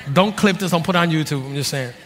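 High-voiced animated man preaching in a hall. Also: fast talker, a little hiss or hum. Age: 30s. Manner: animated, joking, swings from low asides to shouted peaks. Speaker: pastor. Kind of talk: sermon. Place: church hall. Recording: long reverb of a large hall.

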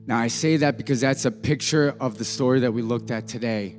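A man's voice: medium pitch, brisk. A man, a pastor, telling an illustrative story during a sermon in an earnest way. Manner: earnest, voices the characters in his story lightly. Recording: music and long reverb of a church hall.

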